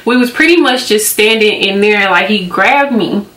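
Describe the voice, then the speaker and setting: Speaking at a moderate pace in a slightly bright, mid-range voice, this young beauty vlogger is recorded in an echoey room. She giggles a lot, uses many fillers, and swaps skincare talk with casual stories.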